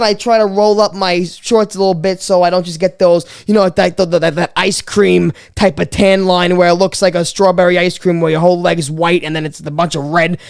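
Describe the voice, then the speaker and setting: A woman in her twenties hosting a podcast, telling a comic story in an animated, swearing way with stammered restarts. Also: medium pitch, clear, resonant tone. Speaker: podcast host. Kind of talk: comedic storytelling monologue.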